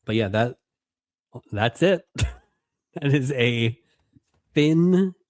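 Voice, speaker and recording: A man's voice: medium pitch, slow pace, no room sound. A man co-hosting a podcast, giving a wry, sarcastic recap in casual chat. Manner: wry, sarcastic, quotes characters in put-on voices. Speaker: podcast co-host.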